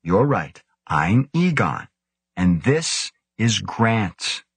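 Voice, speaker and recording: A man voicing a cheerful male scientist who speaks brightly and gently, as if to a small child. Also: deep voice, sing-song, slow, no room sound, heavily acted. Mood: coaxing. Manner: bright, coaxing, as if to a toddler.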